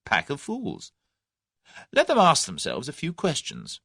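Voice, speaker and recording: Brief: man reading brash young hero, animated, dry booth. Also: a little high, a little slow, vocal fry, husky, no echo, voice pushed up, heavily acted. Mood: confident. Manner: breezy, confident, scornful. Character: cocky young Englishman bluffing his captors.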